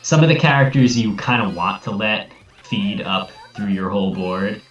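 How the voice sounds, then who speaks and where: Deep-voiced hesitant commentator, roomy and distant. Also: male voice, moderate pace, highs cut off, soft background music. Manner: hesitant, stammering restarts. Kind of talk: casual esports commentary.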